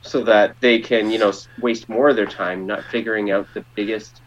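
A man's voice: lowish voice, moderate pace, dull audio, a little hiss or hum. A man from Ontario, Canada, chatting as a podcast guest in a sarcastic, joking way. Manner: lively, sarcastic, puts on mock voices.

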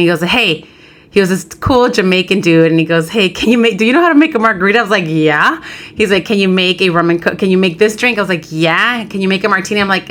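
A woman in her thirties, a podcast co-host, chatting casually and telling a lively story, acting out the voices of people she quotes. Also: fairly low pitch. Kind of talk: casual chat.

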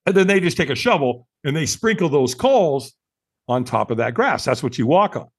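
An older man in his sixties tells a story as a podcast guest, acting out each piece of dialogue. His voice sits a little high for a man, with a husky, breathy edge. His pitch swings widely as he talks. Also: sing-song, moderate pace. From California. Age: 60s.

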